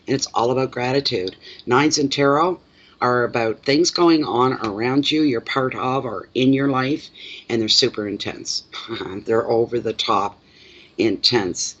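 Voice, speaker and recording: A Canadian-accented man talks through a live tarot reading in a chatty, plainspoken way, repeating words for emphasis and answering chat comments. His pitch sits in an ordinary middle range. The recording is dull and lo-fi. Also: fairly bright tone, breathy edge. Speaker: tarot reader.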